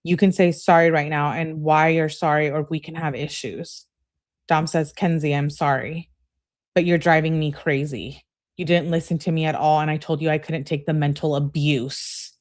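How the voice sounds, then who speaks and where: A woman hosting a true crime channel, reading a couple's text messages aloud in a brisk relay and adding blunt, conversational asides. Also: deep voice, fairly even intonation. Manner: reads messages in a brisk running relay of who-said-what.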